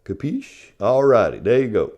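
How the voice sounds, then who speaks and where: A man's voice: mid-range voice, a little slow, highs cut off. Middle-aged man, folksy instructor, casual and chatty, mid-range voice. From South Carolina. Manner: folksy, keeps saying "y'all". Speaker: real estate instructor. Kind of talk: casual classroom lecture.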